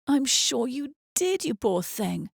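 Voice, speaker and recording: A woman's voice: sits high, sing-song, slow, gravelly, breathy edge, voice pushed up, heavily acted. A woman reading the part of a protective young mother and new countess in an audiobook, speaking with motherly concern. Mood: tender. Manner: tender with children, sharp when angry.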